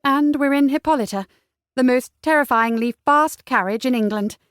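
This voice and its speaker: A woman voicing a bold, excitable young lady who huffs and shrieks. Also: normal speed, clear, resonant tone, dry recording, clean studio sound, lightly acted. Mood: bright. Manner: high, shrill, huffy.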